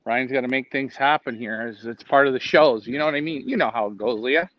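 A man's voice: mid-range voice, brisk, dry recording, dull audio. A man co-hosting a casual livestream, chatting in an easygoing, friendly way. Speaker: co-host, loft manager.

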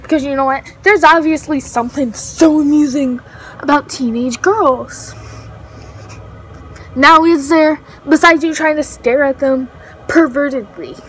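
High-voiced teen girl rambling a story. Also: measured pace, a bit bright, slight background noise, low-quality recording. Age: teens. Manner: rambling, lots of fillers and self-corrections. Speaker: vlogger. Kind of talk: casual storytime.

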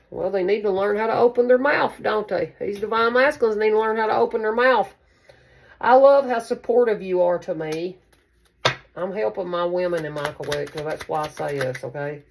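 A woman's voice: medium pitch, a little mellow. A woman giving a casual tarot reading to camera, chatty and affectionate, calling her listeners baby. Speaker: tarot card reader.

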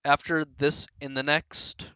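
A young man giving live commentary on his own speedrun, boastful and joking, with sudden loud outbursts. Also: on the high side, little pitch movement, measured pace, smooth, dry recording.

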